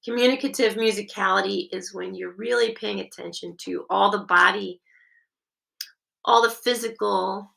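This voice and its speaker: A woman teaching a workshop on music in caregiving, speaking in a gentle, encouraging, expressive way with occasional fillers. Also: medium pitch, moderate pace, vocal fry, poor audio.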